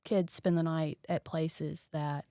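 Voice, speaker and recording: Cop lady guest, blunt and emphatic, lowish voice, dry mic. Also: little pitch movement, takes it slowly, warm tone, no echo. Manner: blunt, emphatic advice-giving. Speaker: police lieutenant guest. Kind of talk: casual interview chat.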